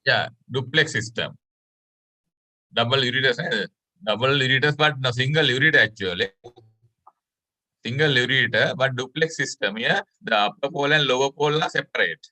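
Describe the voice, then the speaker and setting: A man's voice: medium pitch, moderate pace, pushed and bright. A Sri Lankan man teaching a medical class online, explaining step by step and often checking in with "right?". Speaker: medical lecturer.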